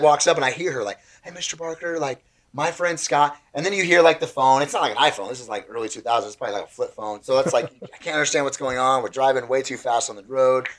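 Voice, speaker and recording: A man, a pastor telling a story in casual conversation on a podcast, excitable and acting out the voices of people in it. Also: medium pitch, brisk. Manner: animated, excitable storyteller who acts out voices.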